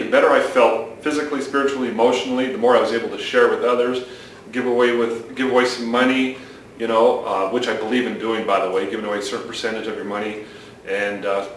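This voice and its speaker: A man's voice: mid-range voice, fairly bright tone. Middle-aged male co-host, jokey and preachy; distant, echoey, faint hiss. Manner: joking, lecturing. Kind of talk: casual podcast chat. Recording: echoey room from far off.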